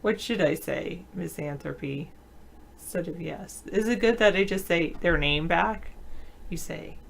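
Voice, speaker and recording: A woman's voice: fairly low pitch, measured pace, gravelly, a little hiss or hum. A woman hosting a casual live video chat, reading viewer comments aloud and answering them with frequent laughs. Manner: laughs often mid-sentence. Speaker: show host.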